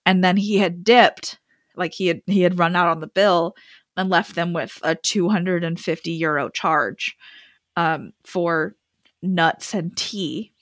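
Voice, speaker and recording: A young adult woman co-hosting a podcast, telling a funny travel story in an animated, rambling way with lots of "like" fillers. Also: on the low side, moderate pace, no echo, studio quality. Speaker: podcast co-host. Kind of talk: comedic storytelling.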